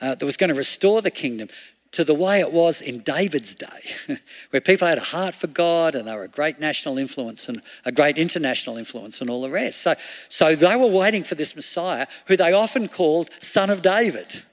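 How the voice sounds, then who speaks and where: A man's voice: fairly high pitch, lively intonation, a little fast. A male preacher giving a chatty sermon, often laughing and asking rhetorical questions. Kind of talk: conversational sermon. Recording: long hall reverb.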